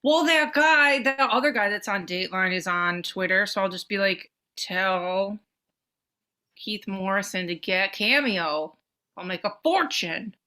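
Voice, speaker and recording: A woman's voice: mid-range voice, unhurried, pushed and bright. A woman co-hosting a podcast in casual chat, blunt and playful, swearing casually. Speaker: podcast co-host.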